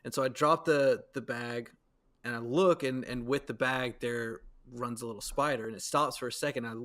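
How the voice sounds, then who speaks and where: A man in his thirties on a podcast, recalling a story step by step in a relaxed way. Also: mid-range voice, normal speed. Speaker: podcast co-host. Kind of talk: casual storytelling.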